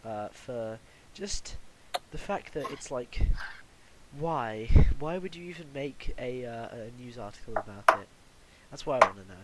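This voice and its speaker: A man's voice: medium pitch, a little slow, very noisy. Rambling young man hosting a podcast. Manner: rambling, laughs often. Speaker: podcast host. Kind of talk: casual chat.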